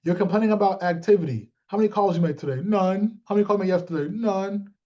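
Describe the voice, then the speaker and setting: A man's voice: high voice, fast, darkish tone, highs cut off. A man coaching his sales team in a live motivational talk, blunt and joking, calling on listeners by name and acting out little exchanges.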